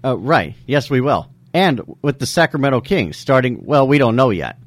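A man co-hosting a casual radio chat in a studio, talking haltingly with many fillers. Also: medium pitch, sing-song, dry recording. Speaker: radio co-host and guest.

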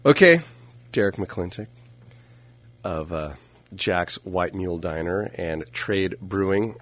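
A man's voice: low voice, expressive, slow pace, a bit bright, dry recording. A man hosting a radio show, joking and laughing often as he chats casually with a guest in the studio. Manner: playful, jokey, laughs often. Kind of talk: casual radio interview chat.

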